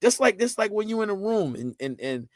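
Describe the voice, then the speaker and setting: Animated man telling stories emphatically. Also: high voice, fairly quick, dry recording. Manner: animated, emphatic storytelling with lots of repetition; loose colloquial phrasing, frequent "you know what I'm saying". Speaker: podcast guest, father. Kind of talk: casual conversational interview.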